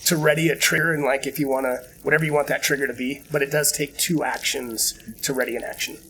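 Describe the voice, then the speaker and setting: A man narrating a tabletop game as game master, easygoing and halting, with many fillers and restarts. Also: mid-range voice, fairly even intonation, fairly bright tone, slightly rough, poor audio.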